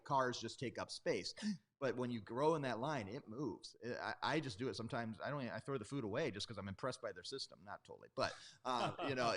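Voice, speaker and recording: Chatty man explaining restaurant tech. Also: on the low side. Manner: animated, rambling, self-correcting asides. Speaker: restaurant technology guest expert. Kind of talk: conversational explaining. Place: Atlanta.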